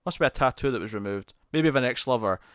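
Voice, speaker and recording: A male podcast co-host in loose, casual chat, animated and quick to laugh, often breaking off and restarting his sentences. His voice sits at an ordinary middle pitch. The sound is dry and close to the mic. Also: clean tone, no echo.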